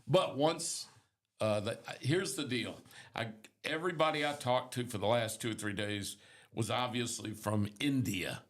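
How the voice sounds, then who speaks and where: A man's voice: medium pitch, a little slow. An older man co-hosting a morning show, telling a rambling story with wry humor in casual chat.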